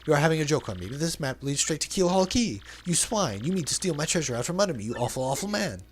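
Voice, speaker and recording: A man's voice: on the high side, sing-song, fast, slight background noise. A man voicing a flamboyant, pompous male trader and sailor in a video game dub, with grandiose, overly formal phrasing. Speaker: let's play dubber.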